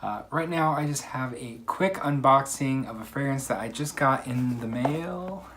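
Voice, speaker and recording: A man vlogging a casual unboxing from a quiet room at home, chatty and upbeat, with plenty of ums and uhs. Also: mid-range voice, unhurried. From United States. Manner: chatty, upbeat, many fillers. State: slightly out of breath. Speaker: fragrance reviewer.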